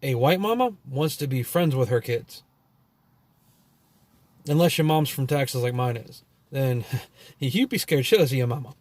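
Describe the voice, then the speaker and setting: A man's voice: mid-range voice, expressive, moderate pace, long pauses, a little mellow, dry recording. A man telling a long story as a vlogger in a casual, profane rant that rambles and is full of "you know" and "like".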